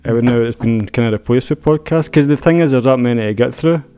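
Scottish guy, mellow smooth voice, kinda hesitant, lots of ums. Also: medium pitch, fast talker. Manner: hesitant, searching for words. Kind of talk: casual chat.

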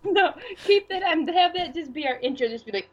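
A young woman co-hosting a casual chat, teasing and laughing, quick to cheer her friend on. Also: high-pitched, very animated. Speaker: podcast co-host.

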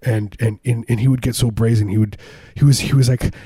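A man's voice: mid-range voice, steady tone, brisk, warm tone, husky, no room sound. A man chatting casually as a co-host, rambling through stories with many restarts and acted-out quotes. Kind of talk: casual comedic chat.

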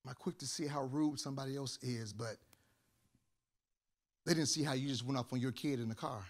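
A man pastor preaching with animated storytelling, repeating words in bursts and building to loud shouts. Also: medium pitch, fairly quick. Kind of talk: sermon.

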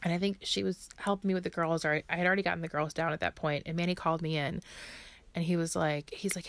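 A woman's voice: lowish voice, steady tone, fast talker, dry recording. A woman in her thirties hosting a personal podcast, talking in a heartfelt, emotional way and laughing now and then. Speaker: podcast host.

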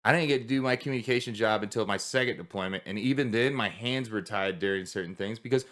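A man's voice: on the low side, quick pace, fairly bright tone. A man who is a military veteran, talking candidly in a casual podcast conversation, rambling with many restarts and swearing.

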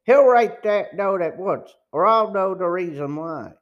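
A man's voice: high-pitched, moderate pace, pitched above the performer's own voice, close to an everyday voice. Icy, angry gang chief, as a man reading puts him on, clipped and threatening, dull recording. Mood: menacing. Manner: menacing, clipped. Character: cold, angry grown male gang chief.

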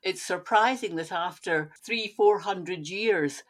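A woman's voice: on the low side, slow. A Scottish woman co-hosting a casual chat, talking in an enthusiastic, agreeable way. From Scotland. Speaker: podcast co-host.

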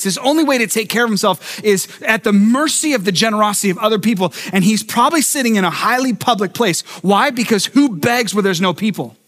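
A man pastor preaching a sermon, telling a story with lively acted-out voices and frequent restarts. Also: high-pitched. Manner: animated storytelling, acting out voices; repeats words when starting thoughts.

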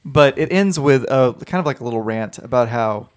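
A man's voice: mid-range voice, animated, fairly quick. A man co-hosting a podcast in casual chat, talkative and speculative, filling his talk with "like". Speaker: podcast co-host.

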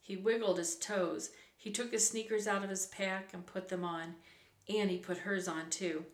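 A woman reading a children's book aloud, unhurried, now and then correcting a slip. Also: mid-range voice, fairly even intonation. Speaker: reader. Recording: roomy echo.

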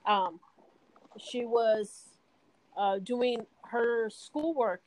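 A woman's voice: a little high, drawn-out words, a little mellow, rough recording. A woman, a guest in a casual chat, tells a story hesitantly with fillers.

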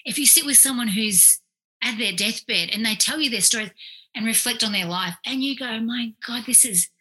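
A woman, a clinical psychologist, telling stories in a casual, animated way, full of fillers and quoted asides. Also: a little high, normal speed, rough recording. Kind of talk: casual storytelling in conversation.

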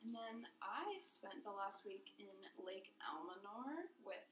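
A woman's voice: mid-range voice, very animated, takes it slowly, fairly bright tone, slight background noise. A young woman chatting casually with friends, breezy and playfully bragging. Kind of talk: casual chat among friends. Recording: echoey room with faint ambience.

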